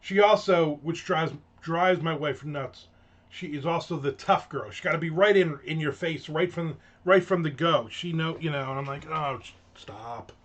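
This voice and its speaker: The dull lo-fi recording features a middle-aged man whose voice runs on the high side, speaking at normal speed. He hosts his own rant segment, casual and sarcastic, rambling with many fillers and restarts.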